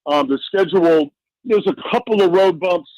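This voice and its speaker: Guy breaking down football on sports radio, kinda high voice, gets animated, dry sound. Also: moderate pace, dry recording, low-quality recording. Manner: animated, playful, rising pitch when joking. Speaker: NFL insider guest. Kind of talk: casual sports radio analysis.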